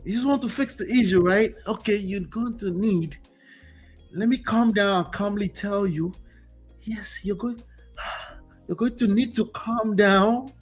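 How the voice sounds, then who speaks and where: A man hosting a motivational commentary show, speaking straight to his viewers in a preachy, animated way. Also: sits high, measured pace, faint music behind. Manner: preachy, animated, talks to the audience directly. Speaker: host.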